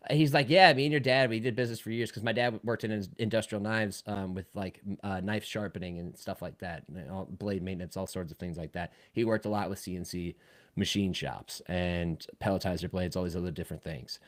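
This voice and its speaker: A man from Cleveland co-hosting a podcast, telling a long story in a lively way that swings between loud outbursts and quiet asides. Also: deep voice, fairly quick. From Cleveland, Ohio. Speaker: podcast co-host. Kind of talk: casual chat, telling a story.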